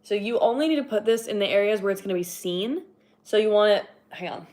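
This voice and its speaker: A woman's voice: mid-range voice, expressive, fast talker, darkish tone. A young woman chatting casually on a livestream while cleaning her horn, rambling with lots of fillers and laughing now and then, a little out of breath. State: slightly out of breath.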